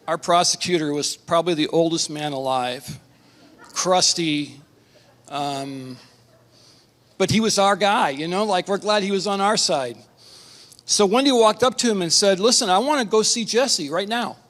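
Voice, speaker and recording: A middle-aged man, a pastor, telling a personal testimony at a conference, earnest and emotional, with halting restarts. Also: a little high, fairly bright tone. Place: conference hall. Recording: reverberant conference hall.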